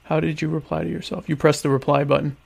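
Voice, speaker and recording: Man, livestream host, gravelly voice, slightly high pitch, sarcastic rambling chat. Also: level tone, fast talker. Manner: sarcastic, self-mocking, rambling asides.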